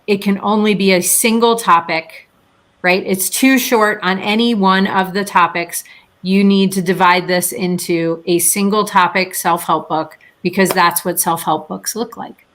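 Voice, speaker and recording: A woman therapist and author, a guest in an interview, telling her story with lively acted-out quotes and frequent laughter. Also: measured pace. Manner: lively storyteller, acts out quotes with big pitch jumps. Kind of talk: animated interview conversation.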